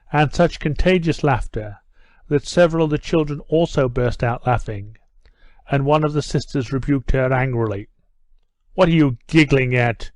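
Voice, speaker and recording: Man narrating an audiobook, slightly high voice. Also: darkish tone, no echo. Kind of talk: scripted narration.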